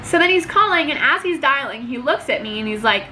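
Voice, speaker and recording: A woman's voice: high-pitched, animated, fairly quick, background noise. A young woman telling a story about her job to camera in a casual, chatty way, with lots of "like" and acted-out quotes. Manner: chatty, peppered with "like", acts out quotes. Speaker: vlogger telling work stories.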